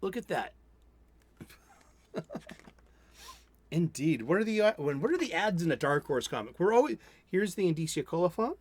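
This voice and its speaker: A man's voice: on the high side, very animated, normal speed, pauses often, darkish tone, breathy edge. Enthusiastic man reviewing comics. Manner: enthusiastic, rambling, self-interrupting. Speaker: host of a comics review stream. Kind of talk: casual solo comics review. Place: home studio.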